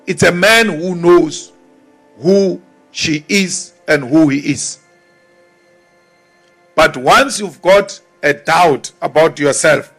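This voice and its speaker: This is a South African man giving a political speech in a high, ringing voice. He speaks slowly and deliberately, with defiant weight on each point, and faint music plays behind him. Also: gravelly. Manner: forceful, defiant, repeats phrases for emphasis; mimics timid voices mockingly. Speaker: politician addressing a crowd.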